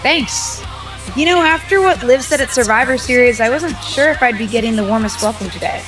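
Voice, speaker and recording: A woman's voice: on the high side, fairly quick, music in the background, natural voice, poor audio. A woman voicing a polite, slightly guarded rookie female wrestler in a video game cutscene.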